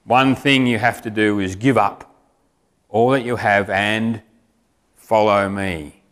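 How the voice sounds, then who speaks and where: A man preaching, voicing Jesus in a slow, grave, deeper tone. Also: steady tone, a bit bright. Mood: solemn. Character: solemn divine Jesus, grave male teacher. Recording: reverberant hall.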